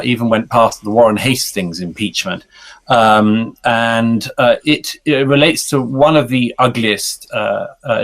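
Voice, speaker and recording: A man in his forties with a British accent answers interview questions at an even, middle pitch. He talks in a measured way, pausing often on fillers and restarting phrases. He is heard over a video call. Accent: British English. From Britain. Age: 40s. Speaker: guest author.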